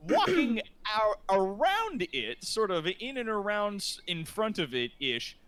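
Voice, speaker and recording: A man's voice: sits high, big pitch swings, slow pace, a bit bright. A man running a tabletop game as game master, narrating in rambling sentences full of fillers.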